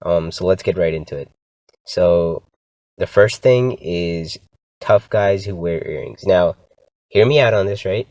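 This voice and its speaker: A man's voice: low-pitched, unhurried, darkish tone, no room sound. A young man hosting his own podcast and ranting casually and with exasperation about his pet peeves. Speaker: podcast host. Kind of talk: casual solo rant.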